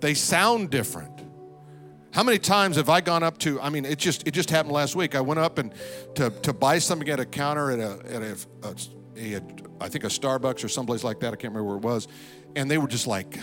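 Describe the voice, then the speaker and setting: A man preaching a sermon as pastor of a church. He swings between loud, high exclamations and low, quiet asides. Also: moderate pace, faint music behind.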